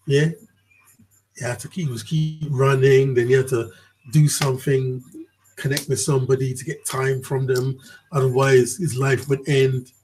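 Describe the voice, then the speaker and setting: A man's voice: mid-range voice, level tone, normal speed, darkish tone, faint music behind, poor audio. A man vlogging in a rambling, casual commentary monologue, swearing freely and often checking in with the listener.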